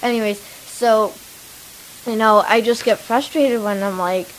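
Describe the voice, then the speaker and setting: A woman's voice: fairly high pitch, fairly even intonation, measured pace, a little hiss or hum, poor audio. A teenage girl co-hosting a kids' radio show, chatty and rambling, with many fillers. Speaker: young co-host. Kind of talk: casual chat.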